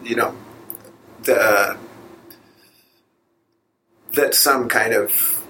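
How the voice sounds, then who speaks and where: A man, a yoga teacher and guest, who answers slowly and haltingly, searching for his words. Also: on the low side, sharp tone, slight background noise, low-quality recording. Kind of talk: casual conversation.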